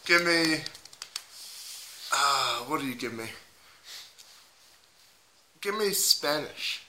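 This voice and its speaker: Bright-voiced joking male co-host. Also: a little high, animated, very slow, a little hiss or hum. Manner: laughing, joking, keeps score. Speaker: podcast co-host. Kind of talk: casual banter. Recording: roomy echo.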